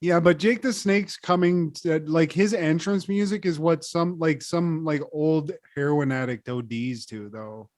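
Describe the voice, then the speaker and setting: A man's voice: a little high, unhurried, hardly any pauses, darkish tone, dry recording, studio quality. A man co-hosting a podcast, riffing in a casual, profane way and laughing often. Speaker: podcast co-host. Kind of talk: casual chat.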